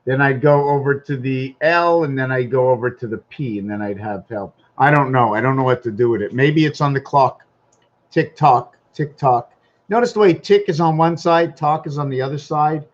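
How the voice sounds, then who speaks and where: Man, casual rambling vlogger at home, mid pitch, muffled lo-fi sound. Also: normal speed. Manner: rambling, wandering, thinks aloud with restarts. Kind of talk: rambling casual vlog monologue.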